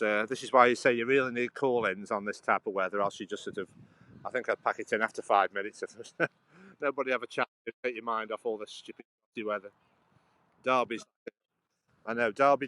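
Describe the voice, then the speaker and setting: A man's voice: on the low side, steady tone, brisk, sharp tone, rough recording. Chatty on-man on a walk. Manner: rambling, chatty, addresses viewers by name. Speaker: livestream host. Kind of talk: casual live walking vlog. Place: outdoors on a canal towpath.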